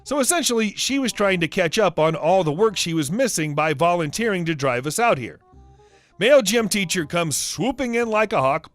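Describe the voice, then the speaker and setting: A man narrating reddit stories aloud, with lively storytelling and acted quotes. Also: fairly high pitch, moderate pace, no room sound, faint music behind.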